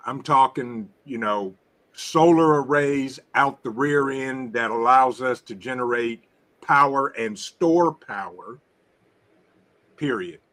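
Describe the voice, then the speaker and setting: A man on a livestream panel, speaking at an unhurried, drawn-out pace. His voice is bright and forceful, and he agrees readily with the others as he talks. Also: mid-range voice. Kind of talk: casual chat.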